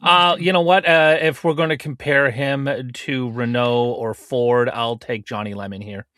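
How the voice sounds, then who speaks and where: A man co-hosting a podcast in casual chat, joking and halting with many "uh" fillers. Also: mid-range voice, fairly even intonation, pushed and bright, dry recording, clean studio sound. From Canada. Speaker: podcast co-host.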